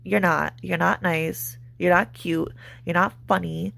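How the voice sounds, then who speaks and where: A woman delivers a profane, mocking commentary rant with heavy vocal fry. Her voice sits a little low, and her tone stays sarcastic and cutting throughout. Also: steady tone, unhurried, fairly bright tone. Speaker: commentary channel host.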